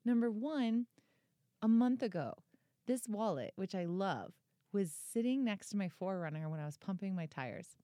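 A woman's voice: medium pitch, lively intonation, moderate pace, dark tone, dry recording, clean studio sound. A woman of about thirty chatting casually on a podcast, telling a story with lots of energy, fillers and swearing. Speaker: podcast co-host and author. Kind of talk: casual chat.

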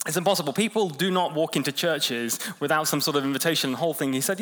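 A man's voice: fairly high pitch, fast. Conversational man preaching a sermon. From England. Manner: conversational preaching with storytelling, lively shifts in pace. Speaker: pastor.

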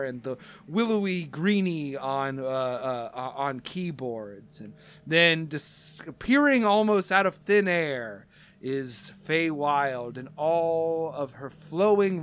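A man narrating a tabletop game as game master, halting with many fillers. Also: on the high side, lively intonation, fairly bright tone, smooth.

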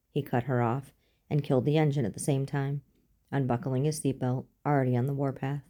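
A woman reading fiction aloud as an audiobook narrator, in a steady, measured way. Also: a bass voice.

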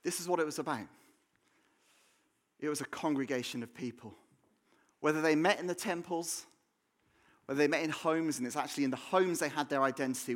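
A man's voice: fairly high pitch, fairly quick, long pauses. A man with an English accent preaching a sermon in a church, conversational and jokey, often restarting with repeated words. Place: church hall.

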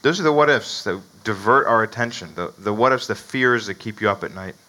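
Bright-voiced man preaching a chatty sermon. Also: lowish voice, brisk, low-quality recording. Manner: conversational, keeps asking "right?" to the listeners; chuckles between points. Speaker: pastor.

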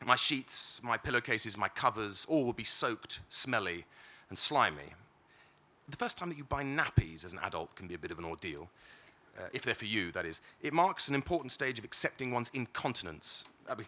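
A British man reading first-person literary fiction aloud in a wry, measured way, with occasional stumbles. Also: medium pitch, sharp tone. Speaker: reader.

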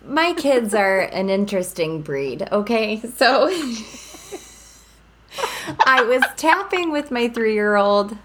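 A woman co-hosting a casual chat, telling a story about her child in a lively, laughing way. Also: slow. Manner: lively, laughing, swings up high when animated. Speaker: podcast co-host, parent.

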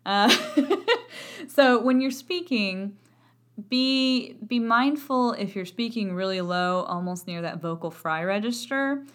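A woman's voice: fairly high pitch, animated, slow, fairly bright tone. Chatty Texan woman voice teacher. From Texas. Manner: chatty and self-deprecating, laughs often. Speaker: voice professor. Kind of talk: educational podcast talk.

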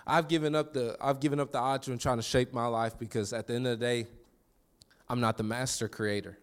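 A man preaching a sermon in a conversational way, with quick restarts and call-and-response to the congregation. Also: mid-range voice, flat delivery, clear, resonant tone. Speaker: pastor.

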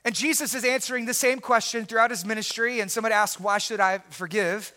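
Fairly quick, with fairly even intonation, the male preacher delivers an earnest sermon. He still moves from quiet low lines to shouted emphasis and repeats words often.

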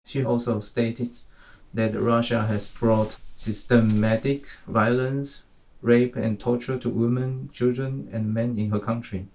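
A man's voice: medium pitch, steady tone, measured pace, darkish tone. Deferential man reading out news. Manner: deferential, hesitant fillers. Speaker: follower reporting news.

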